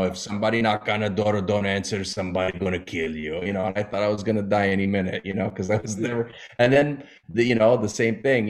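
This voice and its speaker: A man who is a comedian and guest on a talk show, chatting in a halting way with many fillers. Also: on the low side. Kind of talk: casual chat.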